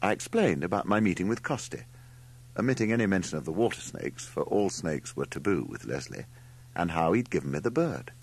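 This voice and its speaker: Male narrator, deep and husky, expressive wry storytelling. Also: a little fast. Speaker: audiobook narrator. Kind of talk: scripted narration.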